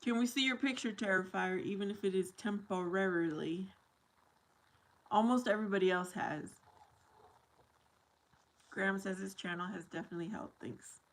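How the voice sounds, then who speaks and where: A woman's voice: medium pitch, moderate pace, pauses often, poor audio. A woman hosting a casual livestream from her kitchen while washing dishes, reading viewer comments aloud and laughing often. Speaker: livestream host.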